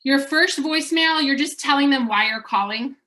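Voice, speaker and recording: A woman's voice: high-pitched, normal speed, bright, forceful tone. A woman coaching real estate agents in an upbeat, chatty way, acting out sample voicemails as she teaches.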